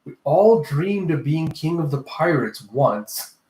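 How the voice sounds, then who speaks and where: Smug pirate grunts, voiced by a man reading a comic aloud, taunting in a raised, excitable tone. The echo of the room hangs around each line. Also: on the high side, slow. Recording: echoey room.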